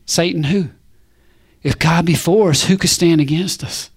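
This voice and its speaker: A man preaching a sermon, animated and punchy, firing rhetorical questions and calls back to the congregation. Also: a little high, moderate pace, slightly rough.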